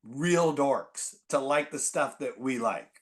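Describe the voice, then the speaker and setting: A man in his forties from the Bay Area, a podcast guest telling stories in an animated, rambling way full of "like". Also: mid-range voice, takes it slowly. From San Francisco Bay Area. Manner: animated, filler-heavy, constant "like". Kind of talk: casual storytelling chat.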